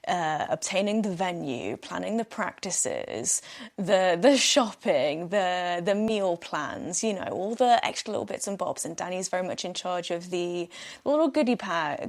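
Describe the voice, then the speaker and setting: Giggly chatty woman podcaster. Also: fairly low pitch. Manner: chatty and giggly, breaks into laughter. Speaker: podcast host. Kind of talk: casual solo podcast chat.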